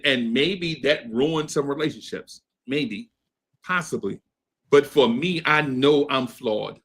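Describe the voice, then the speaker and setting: A man's voice: medium pitch, a bit bright. A man in his fifties telling a story in a laid-back podcast chat, laughing often and asking "right?" after his points. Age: 50s. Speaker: podcast co-host. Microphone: streamed podcast mic.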